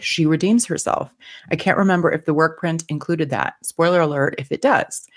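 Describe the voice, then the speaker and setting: A woman co-hosts a relaxed podcast and reads listener comments aloud. Her voice is low for a woman. She sounds playful and laughs easily. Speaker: podcast co-host. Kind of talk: casual podcast chat, reading listener comments.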